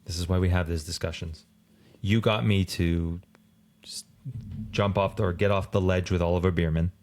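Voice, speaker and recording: A man co-hosting a racing podcast in casual chat, rambling and animated, full of fillers. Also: low-pitched, normal speed, slight background noise. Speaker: podcast co-host.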